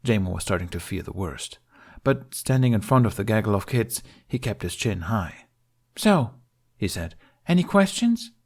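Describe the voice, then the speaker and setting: Low-voiced man narrating a story. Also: moderate pace, slightly rough. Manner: steady, emotional storytelling. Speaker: fan fiction narrator. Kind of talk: audiobook narration.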